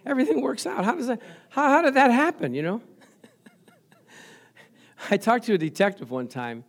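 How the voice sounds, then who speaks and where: A male pastor preaching an energetic sermon, often laughing and asking his congregation questions. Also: very high-pitched, moderate pace.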